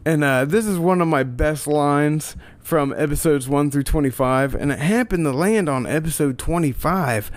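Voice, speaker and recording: A man hosting a casual podcast, introducing clips in a laid-back, chuckling, rambling way. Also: on the high side. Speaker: podcast host presenting clips. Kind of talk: casual solo narration between clips.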